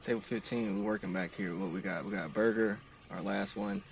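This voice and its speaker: A man's voice: on the low side, fairly even intonation, brisk, creaky, far from the mic, muffled recording. A man narrating each step of a game to his stream chat in an upbeat, casual way.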